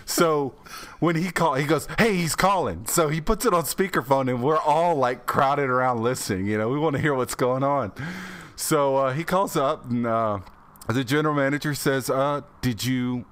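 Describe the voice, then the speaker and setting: Casting: easygoing male podcast storyteller, mid-pitched, conversational. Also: moderate pace, fairly bright tone, smooth. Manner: chatty, laughs often, acts out quotes. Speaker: podcast co-host. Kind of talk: casual storytelling.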